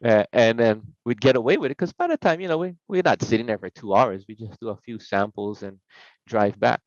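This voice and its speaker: A man's voice: mid-range voice, animated, a little fast, no echo. Middle-aged man, casual podcast storyteller who acts out the voices he quotes; slightly dull, dry recording. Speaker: podcast guest.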